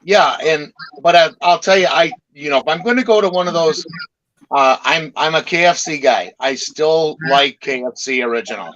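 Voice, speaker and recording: A man's voice: a little high, moderate pace, a bit bright, a little hiss or hum. Hesitant man on a dull lo-fi mic. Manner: hesitant, trailing off, filler-heavy. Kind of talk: casual chat.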